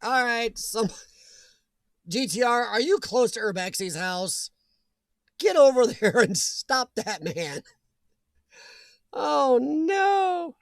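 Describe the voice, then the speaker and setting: A man's voice: high-pitched, expressive, slow pace, no room sound. A middle-aged man hosting a casual live chat stream, reading viewer comments with jokey asides and frequent laughter. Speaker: livestream host.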